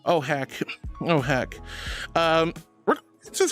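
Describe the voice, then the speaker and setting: A woman streaming as a VTuber archangel persona, chatting casually with her viewers in a playful, dramatic way and turning soft and comforting when she consoles them. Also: a little high, wildly swooping pitch, extremely slow, pauses often, soft background music. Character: archangel persona, regal and sweet. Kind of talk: casual livestream chat.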